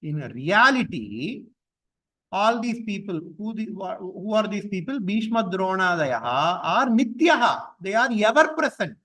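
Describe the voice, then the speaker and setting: A man teaching a class on scripture verses. He explains each point patiently with repetition and chants the verses slowly. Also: high-pitched, very animated, bright, forceful tone, rough recording.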